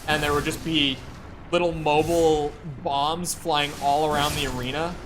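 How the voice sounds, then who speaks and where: A man's voice: fairly high pitch, level tone, normal speed, over music. A man streaming a video game, chatting casually, swearing freely and talking back to the screen as he plays. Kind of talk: casual live-stream gameplay commentary.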